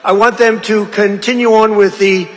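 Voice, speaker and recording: A man's voice: sits high, fairly even intonation, moderate pace. A man giving a rambling, repetitive rally speech, drifting between asides and acting out other people's lines. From United States. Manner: repetitive, digressive, acts out quoted voices. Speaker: political rally speaker. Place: large rally venue. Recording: echoey amplified rally hall.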